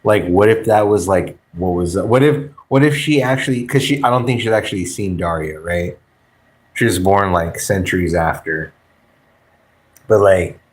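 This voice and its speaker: A man hosting a livestream, chatting with viewers in a rambling, stammering way and swearing freely. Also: lowish voice. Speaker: livestream host. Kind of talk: casual chat with stream viewers.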